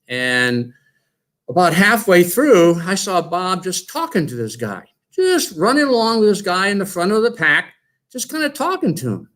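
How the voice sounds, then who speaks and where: An older man, a former coach, giving a tribute speech at an induction and telling stories in a lively way. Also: high-pitched, normal speed. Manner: storytelling, lively retelling.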